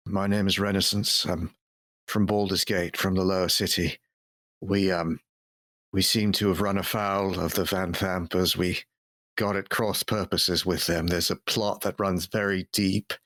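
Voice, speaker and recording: A gentle paladin, played by a man, speaks calmly and reassuringly in a low voice. The sound is close and dry. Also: measured pace, dry recording.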